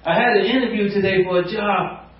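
A man preaching a sermon, animated, acting out quotes and rising to near shouts. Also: high voice, fairly quick. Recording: echoey room, distant mic, muffled.

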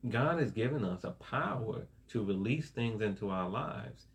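A pastor delivers a sermon in a casual, conversational way, often asking "right?" and laughing with his listeners. His voice is fairly low and expressive, with a measured pace and some vocal fry.

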